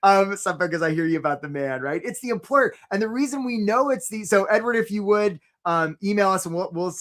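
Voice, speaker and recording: With a high-pitched voice, a man runs a live career-coaching webinar, keeping things energetic and chatty and often checking in with "right?"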